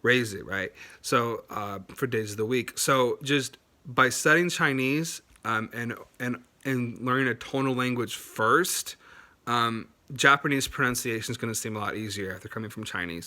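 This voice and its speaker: Guy talking through language tips off the cuff, bright voice, lots of ums and restarts. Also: mid-range voice. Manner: chatty, many fillers and restarts, demonstrates words aloud. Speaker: language learning video host. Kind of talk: casual explainer to camera.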